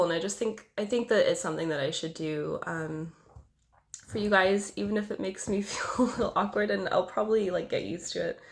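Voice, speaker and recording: A woman's voice: on the low side, gravelly. A young woman vlogger with a cold, sounding nasal and congested, talking casually to camera and rambling self-consciously with lots of filler words. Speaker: beauty vlogger.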